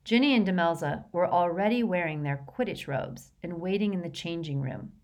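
A woman with a fairly low voice reads a storybook aloud. She narrates at a steady, even pace, moving smoothly from scene to scene. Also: normal speed. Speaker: audiobook reader.

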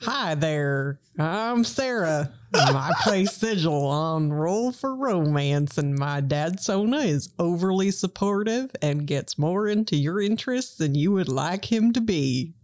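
Low voiced lady on a podcast, dry mic, upbeat. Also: animated, slow pace, few pauses, darkish tone, no echo. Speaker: podcast player. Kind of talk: casual podcast chat.

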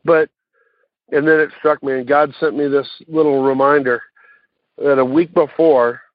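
A man giving a personal recovery share, talking haltingly with many fillers and restarts. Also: a little high, steady tone, dry recording. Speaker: recovery meeting speaker. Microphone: phone call. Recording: tinny phone line.

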